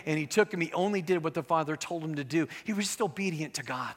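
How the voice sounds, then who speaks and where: A man's voice: a little high, fast talker. Preaching man in an echoey hall. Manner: earnest, conversational preaching with asides. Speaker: pastor. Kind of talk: sermon. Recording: echoey hall with long reverb.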